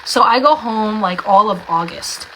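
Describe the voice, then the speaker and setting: A woman's voice: mid-range voice, a little slow, fairly bright tone, rough recording. Young jersey woman telling her faith story, chatty, says like a lot, faint hiss behind. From New Jersey. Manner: chatty, lots of "like", acts out dialogue. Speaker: vlogger sharing a faith testimony. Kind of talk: casual storytelling testimony.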